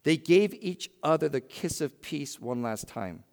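A man preaching a sermon in a church, swinging between loud emphatic bursts and hushed, quiet lines. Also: a little high, animated, measured pace, big-room sound. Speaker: pastor.

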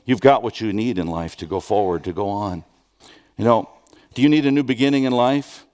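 A man preaching a sermon, conversational with restarts and rhetorical questions, dropping soft and then rising with urgency. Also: lowish voice, a little fast. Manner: swings from soft, hushed lines to raised, urgent questions. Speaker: pastor.

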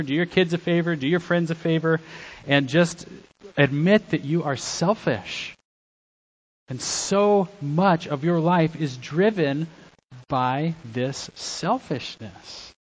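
A middle-aged man preaching a sermon as a pastor, swinging between loud exhortation and quiet, soft-spoken asides. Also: on the high side, unhurried, rough recording.

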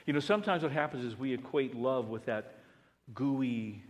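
A male pastor preaching a sermon, swinging between loud emphatic passages and hushed ones. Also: mid-range voice, moderate pace, dull audio. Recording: long reverb of a large hall.

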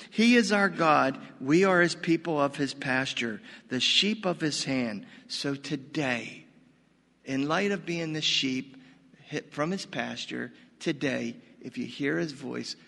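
Older male pastor, high and bright, folksy animated sermon, long hall reverb. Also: slow pace, vocal fry. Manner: animated, folksy preaching with sudden loud bursts.

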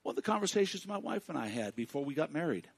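Husky-voiced preacher man, lively swings. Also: on the high side, fast talker. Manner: impassioned preaching, swinging from hushed to loud; talks directly to the congregation. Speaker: pastor. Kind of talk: sermon.

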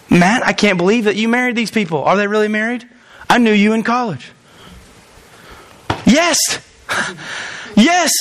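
A pastor with a strikingly high voice preaches in his church. He jokes with the congregation, then leans hard into his points with emphatic repetition. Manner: animated, joking, emphatic preaching. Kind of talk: sermon.

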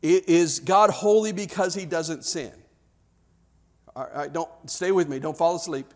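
A man with a rather high voice preaches a sermon, talking to his congregation like a friend. He is animated and conversational, often restarting his words as he goes. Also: measured pace. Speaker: pastor.

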